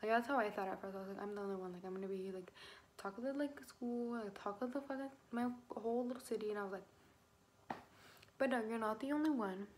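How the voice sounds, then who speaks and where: A pregnant teenage girl talks straight to her camera, rambling through her story with constant fillers and easy swearing. Her voice sits at an ordinary pitch for a young woman. A faint hum of room noise sits behind her. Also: fairly quick, a little mellow. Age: teens. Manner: chatty, swears freely, heavy filler "like". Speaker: vlogger.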